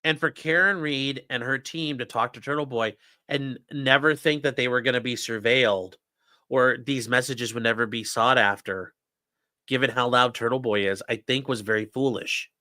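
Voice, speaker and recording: A male host reads out legal filings on a casual livestream, ridiculing them in a sarcastic, profane rant. He speaks at a medium pitch and normal speed in a steady, pushed, bright tone, recorded dry in studio quality.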